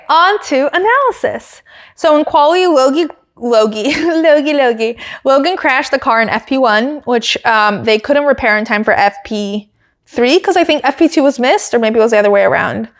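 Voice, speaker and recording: A young woman hosting a podcast, giving a chatty, giggly, animated race recap. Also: fairly high pitch. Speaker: podcast host.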